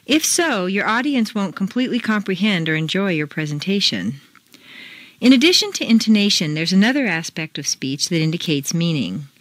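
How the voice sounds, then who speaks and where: Recorded with no echo in a completely dry booth, a woman with a low-leaning voice and big pitch swings reads an accent-training script. As a pronunciation teacher drilling students, she goes slowly and carefully, melodic and bouncy, overplaying her intonation.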